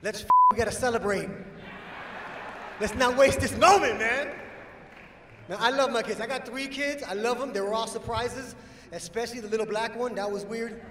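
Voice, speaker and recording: Very high, bright, punchy stand-up man. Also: moderate pace, pauses often, a little hiss or hum. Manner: punchy, bursts into shouts. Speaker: stand-up comedian. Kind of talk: stand-up set. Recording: echoey hall from far off.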